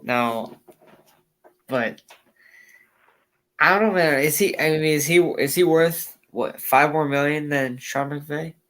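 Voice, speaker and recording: Co-host, male, quiet and hesitant, unhurried pace. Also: on the high side, rough recording. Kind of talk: casual sports talk.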